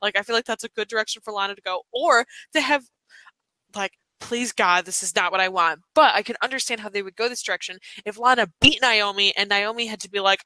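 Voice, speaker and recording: A woman co-hosting a podcast in casual, excited chat, swearing freely and laughing often. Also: medium pitch, quick pace, no echo, low-quality recording. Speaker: podcast co-host.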